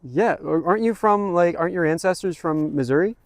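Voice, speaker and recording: A man co-hosting a casual podcast, teasing his partner in quick banter. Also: high-pitched, no echo, clean studio sound. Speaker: podcast co-host. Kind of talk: casual chat.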